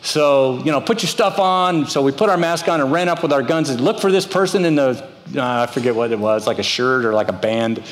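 A middle-aged pastor preaches a sermon in a church, telling stories and acting out the voices of the people in them. His mid-range voice moves a little fast with hardly any pauses, echoing through the reverberant hall.

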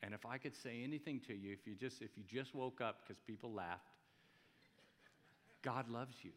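Male pastor, mid-pitched, chatty and jokey sermon delivery, long hall reverb. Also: normal speed, a bit bright. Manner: conversational, jokey preaching with rhetorical questions. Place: church hall.

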